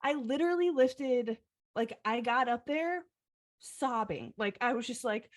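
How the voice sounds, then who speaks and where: A woman's voice: fairly high pitch, a little slow. A young adult woman co-hosting a podcast, retelling a personal story in a heartfelt way and leaning on the filler "like". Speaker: podcast co-host.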